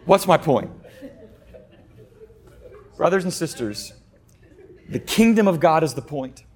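A man preaching a sermon, animated, acting out quoted voices in loud high bursts and dropping to a soft, quiet delivery on key points. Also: slow pace. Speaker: pastor.

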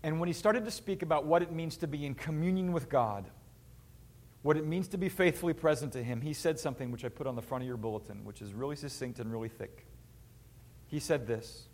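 A man's voice: fairly high pitch, brisk, a little mellow. A male pastor delivering a sermon to his congregation in an earnest, emphatic preaching manner.

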